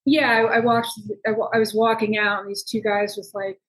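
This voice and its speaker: Animated woman telling a story. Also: a little fast, poor audio. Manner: animated, acts out quoted dialogue with jumps in pitch. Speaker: journalist guest. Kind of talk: conversational storytelling.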